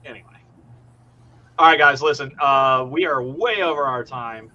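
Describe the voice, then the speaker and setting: A man's voice: medium pitch, moderate pace, pushed and bright. As a host a joking, swearing man on a dull, lo-fi line. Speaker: show host. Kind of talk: casual group chat on a stream. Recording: dull lo-fi audio.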